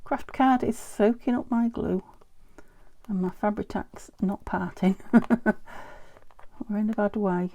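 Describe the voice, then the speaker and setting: A British woman from the UK, a junk journal crafter, chats casually in a craft vlog while working on a project, often slipping into a half-whispered mutter to herself. Her voice is mid-range and warm, with a measured pace.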